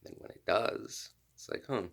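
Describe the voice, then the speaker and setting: A man talks straight to his viewers in an unscripted monologue. His voice sits very low, with a rough, gravelly fry. He is blunt, curses freely and hammers points home by repeating himself. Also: normal speed, fairly bright tone. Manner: blunt and profane, repeats phrases for emphasis. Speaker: personality-type video host. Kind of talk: casual spoken monologue.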